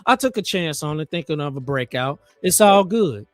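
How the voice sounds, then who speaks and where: High, lively man talking trades. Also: moderate pace, no room sound, faint music behind. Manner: animated, joking, motivational. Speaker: trading livestream host. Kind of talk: casual chat while live trading.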